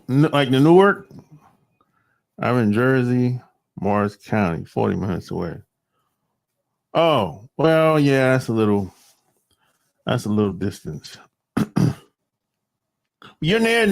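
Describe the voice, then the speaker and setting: Guy rambling to his stream chat, cussing and laughing, slow but real bouncy voice. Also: mid-range voice, very animated, gravelly. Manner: rambling and profane, laughs often. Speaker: livestream host. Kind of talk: casual chat with viewers.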